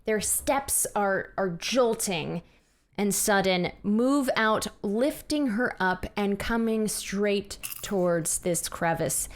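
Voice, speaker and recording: A woman serving as game master for a tabletop horror game. She narrates each scene slowly, lingering on the words for dramatic effect. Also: mid-range voice, expressive. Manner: dramatic, drawn-out descriptive narration.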